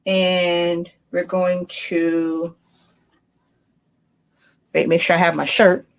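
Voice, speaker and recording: A middle-aged woman who owns a small printing business chats casually while she works through a live craft demo. She thinks out loud and corrects herself mid-sentence. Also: lowish voice, flat delivery, very slow. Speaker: small business owner demonstrating sublimation printing.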